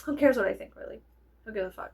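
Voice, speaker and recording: A young adult woman vlogger telling a casual story, animated and profane, laughing often and wandering off on tangents. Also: fairly high pitch, quick pace, breathy edge. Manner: animated, profane, digresses with many fillers.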